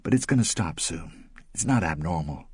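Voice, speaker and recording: Dude reading the book doing a shaky young woman, soft and defensive. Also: deep voice, expressive, normal speed, husky, no room sound, studio quality, exaggerated voice. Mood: strained. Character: young pregnant woman, strained and fragile.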